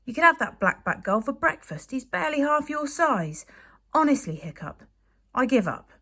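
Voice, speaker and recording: A woman's voice: sits high, sing-song, normal speed, bright, forceful tone, voice pushed up, heavily acted. A woman reading aloud as a young Viking boy who drawls and despairs over his lazy pet. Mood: despairing. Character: young Viking boy, gloomy and gossipy friend.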